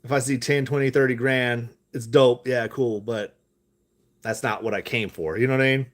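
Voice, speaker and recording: A man's voice: mid-range voice, steady tone, moderate pace. Profane rambling American man. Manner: loose, profane, laughing asides. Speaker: stock-talk vlogger. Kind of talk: rambling live stream chat.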